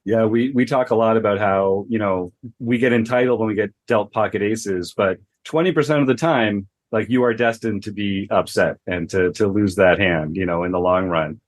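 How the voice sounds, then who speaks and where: A man's voice: on the low side, moderate pace, hardly any pauses, no room sound. A man hosting a podcast, talking reflectively with many "you know" fillers. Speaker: podcast host. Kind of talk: podcast conversation.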